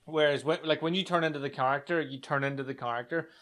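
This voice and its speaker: Irish man, podcast host, a touch high-pitched, easygoing and chatty. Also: fast talker. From Ireland. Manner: relaxed, chatty, laughs easily. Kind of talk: casual interview chat.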